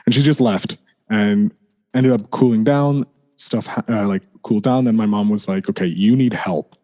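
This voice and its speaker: This podcast guest has a lowish, warm voice and a steady tone at normal speed. He shares something personal and candid in a meandering fashion, peppered with "like," restarting often and apologizing whenever he swears.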